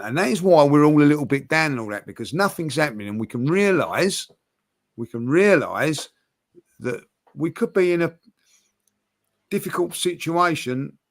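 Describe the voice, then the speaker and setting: Everyday male pundit, passionate, repeats himself for emphasis. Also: a little high. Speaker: podcast guest pundit. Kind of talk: casual football chat.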